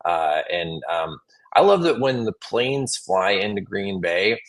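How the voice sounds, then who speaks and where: Deep-voiced Wisconsin man, animated. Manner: animated storyteller, quick restarts and laughs. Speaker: comedian guest. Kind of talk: casual interview chat.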